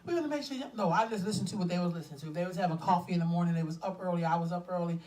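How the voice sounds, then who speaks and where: A woman co-hosting a casual talk show, chatty and animated, talking to listeners as y'all. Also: fairly low pitch, rapid-fire, far from the mic, slight background noise. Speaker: podcast co-host. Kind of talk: casual chat.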